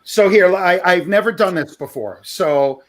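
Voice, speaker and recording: A man's voice: high-pitched, unhurried, a bit bright. A man hosting a charity livestream auction, chatting casually, laughing often and calling out bids.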